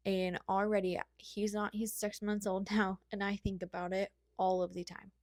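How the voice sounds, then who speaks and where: A woman's voice: mid-range voice, level tone, normal speed, darkish tone, no echo, clean studio sound. A young woman hosting a podcast, chatting casually about motherhood in a rambling, heartfelt way. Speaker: podcast host. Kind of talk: casual solo chat.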